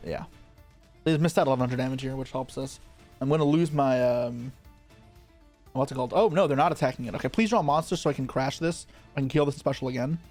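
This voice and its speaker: A man streams an online card game, talking through each move as he plays it. His voice sits at a middling pitch, and his quick muttered asides run into one another as he thinks aloud. Soft music plays faintly underneath. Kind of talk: live gameplay commentary.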